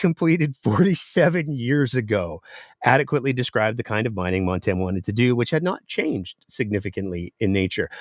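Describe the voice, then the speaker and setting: A man's voice: medium pitch, no echo, clean studio sound. Sarcastic man hosting a politics show. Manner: sarcastic, animated. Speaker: political podcast host. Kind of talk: live political commentary.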